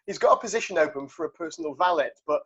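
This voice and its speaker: A man's voice: on the high side, racing, fairly bright tone, breathy edge. A man hosting a podcast, teasing the guest in casual banter. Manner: teasing, jokey. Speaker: podcast host. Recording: dull lo-fi sound.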